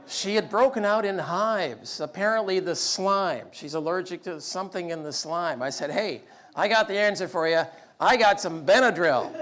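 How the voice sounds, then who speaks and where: High-voiced man telling funny stories. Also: normal speed. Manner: animated, acts out dialogue in raised voice. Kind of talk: humorous storytelling talk.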